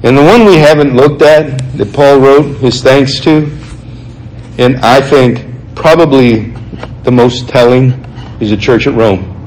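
A man's voice: medium pitch, darkish tone, a little hiss or hum, poor audio. Earnest man preaching a sermon. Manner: earnest, conversational, slows for emphasis. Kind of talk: sermon reading and explaining scripture.

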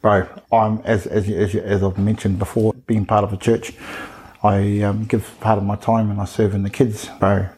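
A man, a teacher, chatting on a podcast, telling animated stories, slipping into quoted voices and calling his friend "bro". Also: fairly low pitch, normal speed, husky. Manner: animated storyteller, keeps saying "bro", acts out voices. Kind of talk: casual podcast chat.

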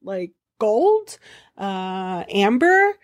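A woman's voice: medium pitch, big pitch swings, drawn-out words, no echo, studio quality. A woman voicing a dramatic, sly male trickster god who stammers and hedges. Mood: hesitant. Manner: hesitant, stammering, sarcastic. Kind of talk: comedic storytelling.

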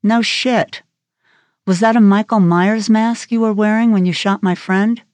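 A woman's voice: mid-range voice, fairly even intonation, measured pace, darkish tone, dry recording, voice pushed up, natural voice. A woman voicing a tough, blunt female FBI agent with a sardonic edge, in an audiobook. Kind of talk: audiobook character voice.

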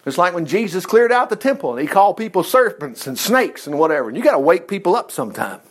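A man preaching a folksy, animated sermon, reading scripture, acting out the quoted lines and laughing often. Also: high-pitched, fast talker.

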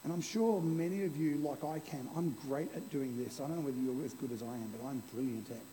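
A man preaching a lively, playful sermon to a congregation, using an object lesson. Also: fairly high pitch, brisk, in a large hall, slight background noise, rough recording. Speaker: pastor. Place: church hall before a congregation.

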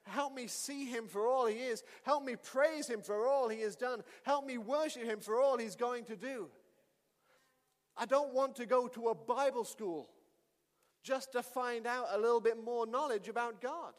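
Male pastor, high voice, animated storytelling sermon, long hall reverb. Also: normal speed. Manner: animated storytelling, shouting at climaxes.

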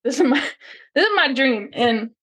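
A woman with a somewhat high voice tells a personal story as a podcast guest. She talks in a casual, halting way, leaning on "like" and restarting sentences. Her delivery stays earnest and intense. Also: animated, a bit bright, slightly rough. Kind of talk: personal testimony, casual retelling.

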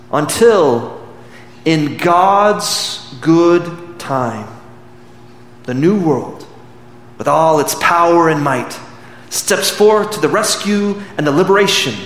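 A man voicing an elderly wartime prime minister, gruff and resolute, in rousing, deliberate oratory. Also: on the high side, a bit bright. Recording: echoey hall with faint background noise.

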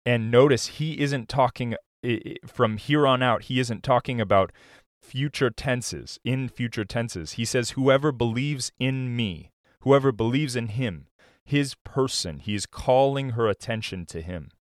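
Man, pastor, sermon, slow deliberate pace, earnest, dry recording. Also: medium pitch, dry recording. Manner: slow, earnest preaching with many restarts.

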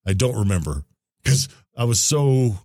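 Male radio host, middle pitch, eager storyteller, dry studio sound. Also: normal speed, dry recording. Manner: enthusiastic storytelling, acts out his own past excitement. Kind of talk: casual radio chat.

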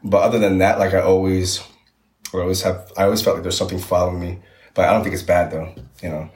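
A man's voice: sits low, little pitch movement, fast, a little mellow, echoey room. A young man as a podcast guest, chatting casually and rambling with many fillers and restarts. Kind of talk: casual chat.

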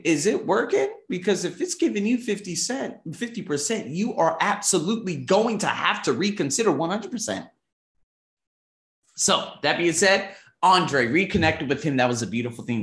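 A man in his thirties reviewing his month in a vlog, emphatic and animated, swearing casually and acting out conversations. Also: a little high, echoey room. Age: 30s. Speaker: vlogger.

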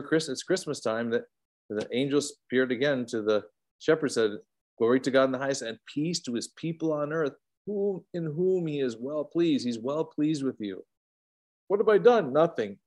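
A middle-aged man teaching an informal Bible study, swinging between emphatic high bursts and soft low asides.

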